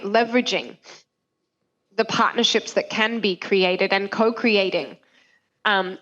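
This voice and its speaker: A woman giving earnest, measured closing remarks on a panel, speaking remotely over a video call. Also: mid-range voice, muffled recording. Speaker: panel speaker from humanitarian agency.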